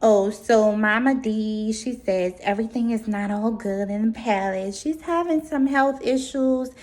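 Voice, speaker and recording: A woman's voice: on the high side, measured pace, darkish tone. A woman recapping reality TV episodes in a blunt, sassy, profane casual commentary. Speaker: reality TV reviewer.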